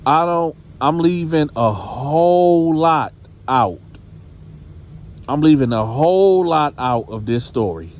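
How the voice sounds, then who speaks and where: A man's voice: a little high, lively intonation, slow, dull audio. A man hosting a channel, telling a story casually and addressing his audience directly.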